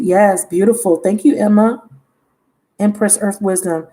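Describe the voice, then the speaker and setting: A woman's voice: medium pitch, fairly even intonation, unhurried, dark tone. A woman giving a casual, chatty tarot reading on a livestream, talking frankly and laughing often. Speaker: tarot reader.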